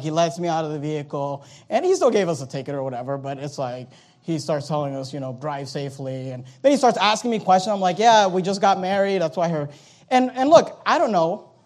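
A man in his thirties, a pastor telling a personal story in a sermon, acting out the people in it with lively quoted lines. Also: sits high. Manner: animated anecdote with quoted voices.

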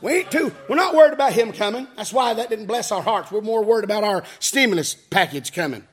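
A man preaching a fiery revival sermon, shouting in a chanting cadence with frequent hallelujahs and calls to the congregation. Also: high voice, expressive, fast talker, soft background music. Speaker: pastor.

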